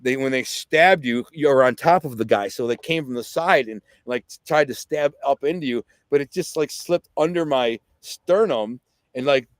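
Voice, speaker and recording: He has a medium-pitched voice and talks at a normal speed, no room sound around him. As a middle-aged podcast guest from Detroit, USA, he relates a vivid story excitedly, voicing the quotes himself, in chatty speech full of fillers and "right?"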